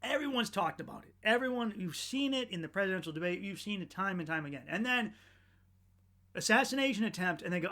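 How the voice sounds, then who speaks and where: Very animated and high-voiced, a man on his podcast rattles off a fairly quick, profane, sardonic comedic rant. It rambles and restarts, lurching from loud outbursts to muttered asides.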